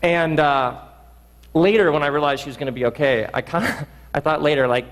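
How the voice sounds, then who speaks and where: A man giving a reflective storytelling talk, earnest and halting, restarting his sentences often. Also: on the high side, a bit bright, long reverb tail, rough recording. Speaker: speaker.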